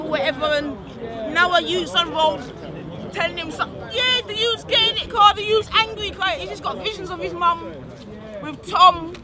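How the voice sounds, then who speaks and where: Man talking in street slang. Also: very high voice. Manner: street slang, rhetorical tags. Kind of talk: casual speech to a crowd. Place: outdoor street gathering. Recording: crowd noise outdoors.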